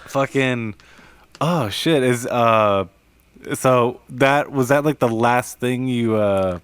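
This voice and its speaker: A man's voice: mid-range voice, takes it slowly, clear, resonant tone, no room sound. A man hosting a podcast, laid-back and casual, swearing often as he asks questions. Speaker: podcast host. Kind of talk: casual chat.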